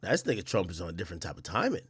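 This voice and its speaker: A man's voice: sits low, very animated, rapid-fire, fairly bright tone, breathy edge. A man in his thirties giving blunt, profane commentary as he reacts to news clips, laughing often.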